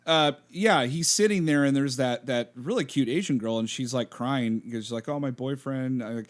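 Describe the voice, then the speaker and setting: A man's voice: mid-range voice, animated, normal speed. A man co-hosting a podcast in casual chat, laughing often as he retells movie scenes. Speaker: podcast co-host.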